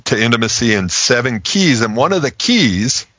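A man explaining relationship communication in a casual talk, animated and acting out example phrasings. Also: mid-range voice, normal speed, no room sound. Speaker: relationship communication expert guest.

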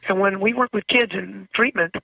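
A man's voice: high-pitched, steady tone, normal speed, dry recording, far from the mic. A man speaking as a therapist guest on a radio show, explaining his work with kids through stories. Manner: explanatory, storytelling with acted-out quotes. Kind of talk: phone-in radio interview. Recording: tinny, husky phone line.

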